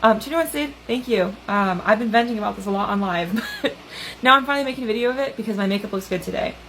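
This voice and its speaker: A woman talks through a casual vlog in a hesitant, filler-heavy way. Her voice has a gravelly, creaky edge. A faint hiss sits behind it. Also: mid-range voice, fast, a bit bright, poor audio. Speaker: vlogger.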